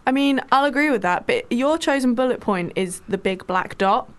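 Woman, radio co-host, playful teasing banter, slightly high voice. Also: animated, normal speed. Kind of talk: casual chat.

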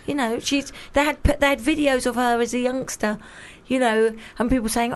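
A woman's voice: on the high side, steady tone, moderate pace. A middle-aged woman co-hosting a casual radio chat, playful and self-mocking. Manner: chatty, playful, self-mocking, talks over others. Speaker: radio co-host.

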